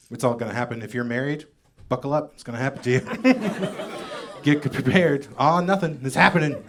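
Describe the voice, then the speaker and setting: A man doing a stand-up comedy set on stage in a comedy club, with wry, deadpan asides that trail off. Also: medium pitch, background noise.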